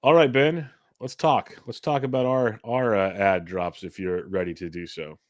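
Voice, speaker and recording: A man hosting a fantasy baseball podcast, running through his picks in a relaxed, rambling way. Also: on the low side, normal speed, dry recording, clean studio sound. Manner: relaxed, rambling stat rundown. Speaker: podcast host. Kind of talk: casual fantasy baseball chat.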